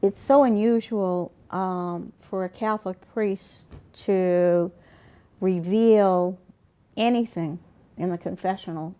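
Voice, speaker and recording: A woman interviewer who listens attentively and responds with short acknowledgements and gentle questions. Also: fairly low pitch, slow pace. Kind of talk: conversational interview.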